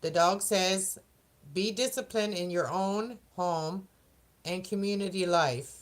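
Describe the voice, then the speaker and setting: A woman's voice: on the low side, slow pace. A woman doing a casual oracle card reading for the zodiac signs, chatty and rambling, often laughing and tripping over words. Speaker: tarot and oracle card reader.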